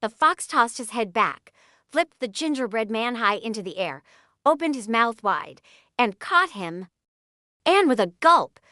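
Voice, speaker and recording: Animated woman reading a children's story. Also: on the high side, no room sound, clean studio sound. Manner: expressive, animated.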